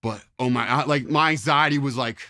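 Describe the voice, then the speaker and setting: A man's voice: medium pitch, fairly quick, bright, forceful tone. A man in his forties from Virginia telling stories in a casual, rambling way, full of fillers and mild swearing. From Charlottesville, Virginia, US. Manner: rambling with many fillers, mild profanity, acts out quotes. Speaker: interview guest, former Marine. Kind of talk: casual storytelling.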